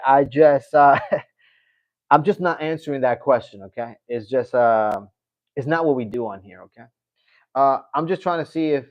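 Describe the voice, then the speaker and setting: A man's voice: medium pitch, no echo, dull audio. A man hosting a casual MMA livestream, chatting to viewers, reading comments aloud and often breaking into laughter. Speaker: MMA channel host.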